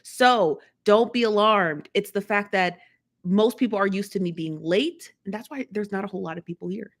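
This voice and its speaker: A woman's voice: medium pitch, normal speed. A woman hosting a live stream, chatting casually about news and gossip, often repeating herself and laughing. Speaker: live show host.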